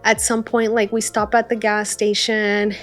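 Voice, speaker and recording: A young woman vlogger chatting through a travel story with lots of fillers and animated retellings. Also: medium pitch, a little slow. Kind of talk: casual storytime. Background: soft lo-fi music.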